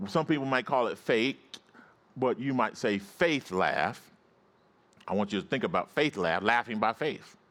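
A male preacher delivering a sermon to his congregation. He repeats key phrases and calls on the listeners to say words back to him. His voice drops low for stories and climbs high for exclamations. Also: fairly bright tone. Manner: repetitive, call-and-response preaching; swings from low storytelling to high rising exclamations.

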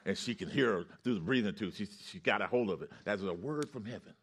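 A man preaching a sermon with call-and-response, his storytelling rising to loud excitement. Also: fairly low pitch, quick pace, husky.

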